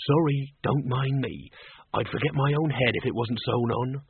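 A man's voice: mid-range voice, moderate pace, creaky, slight background noise, natural voice. A man voicing an earnest, tactless male zombie who blurts things out in a storybook reading, on a thin, tinny recording.

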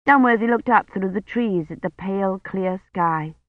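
Measured audiobook narrator, dull lo-fi sound. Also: mid-range voice, no room sound. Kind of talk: scripted narration.

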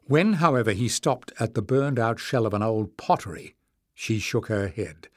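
A man narrating a fantasy novel in a measured, expressive storytelling manner. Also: lowish voice, dry recording, clean studio sound. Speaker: audiobook narrator. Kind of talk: scripted narration.

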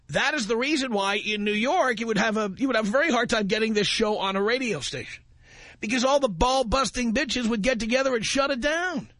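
A man's voice: very high voice, sharp tone, no room sound. A man hosting a talk radio show, speaking into a studio microphone with a provocative, emphatic delivery that keeps hammering the same phrase. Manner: provocative, emphatic, repeats his catchphrase.

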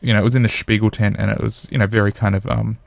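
A man chatting casually about a festival show, halting with fillers and restarts. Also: lowish voice, little pitch movement, vocal fry, no room sound. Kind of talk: casual chat.

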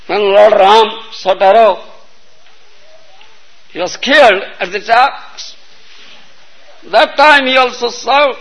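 High-pitched guy preaching slow, husky gravelly voice, keeps asking if you get it. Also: a bit bright, rough recording. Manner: storytelling lecture, repeatedly asking "You understand?". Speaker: spiritual teacher. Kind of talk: sermon.

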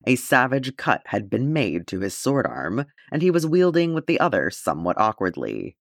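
A man reading fan fiction aloud as an audiobook in an expressive, measured manner. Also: mid-range voice, dry recording, clean studio sound. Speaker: audiobook reader.

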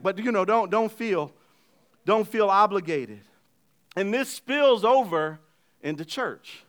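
A middle-aged man preaching a sermon as pastor, conversational, swinging from loud emphasis to quiet asides and acting out little everyday dialogues. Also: sits high, animated, takes it slowly, pauses often.

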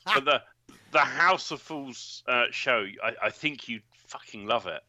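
A man with a very sharp, bright voice talks in a relaxed, halting way, often restarting his sentences. The recording is dry and somewhat dull in the highs. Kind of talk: casual chat. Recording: slightly dull, muffled audio.

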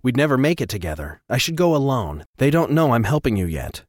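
A nervous man who cracks jokes when he's scared, as a narrator plays him. His voice sits a bit above the narrator's own low tone, quick and lively. Dry, close recording. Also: dry recording. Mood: anxious. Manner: quick, jokey and a little anxious. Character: nervous joking man, anxious insider.

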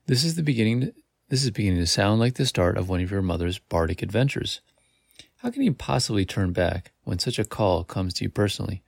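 A man's voice: fairly low pitch, vocal fry, a little mellow, breathy edge, no room sound, clean studio sound. A man hosting a podcast, reading a gamebook aloud in a casual way, with slips and self-corrections. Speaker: podcast host.

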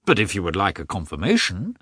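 A man voicing a sly, smug lawyer who speaks smoothly and courteously. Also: deep voice, huge pitch swings, fast, a bit bright, no room sound, studio quality, heavily acted.

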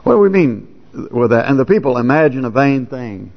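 A pastor preaches a sermon in a plain, folksy, conversational way from a church sanctuary. His medium-pitched voice is gravelly and sing-song, moving a little fast. The recording is dull and lo-fi, with long church reverb.

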